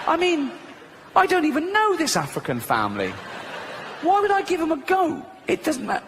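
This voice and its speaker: A man's voice: extremely high pitch, fairly bright tone, a little hiss or hum. A man telling stand-up stories in a dry way, with frequent "um"s. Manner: dry storytelling with many "um"s. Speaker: stand-up comedian. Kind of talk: stand-up comedy. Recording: echoey hall.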